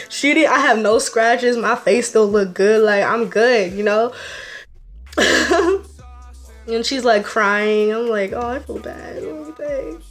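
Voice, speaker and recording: High-voiced teen girl telling a story. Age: teenager. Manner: animated, laughing storyteller. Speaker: vlogger. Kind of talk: casual storytime. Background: faint music.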